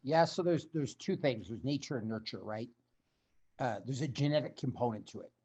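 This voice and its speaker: Man, husky, blunt and emphatic, podcast guest talking. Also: mid-range voice, normal speed, mellow. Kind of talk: conversational interview storytelling.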